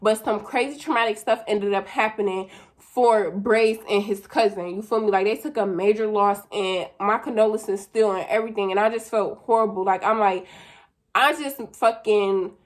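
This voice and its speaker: A young woman telling a wild personal story in a casual vlog, profane and animated, full of slang. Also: mid-range voice, moderate pace.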